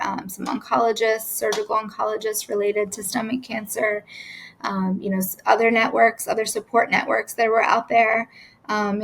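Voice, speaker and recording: A woman in her thirties, a nurse and cancer patient, recounts her diagnosis in a halting, earnest way with many fillers and restarts, emotional at times. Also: on the high side, a little hiss or hum, rough recording. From United States. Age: 30s. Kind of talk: personal story told to camera.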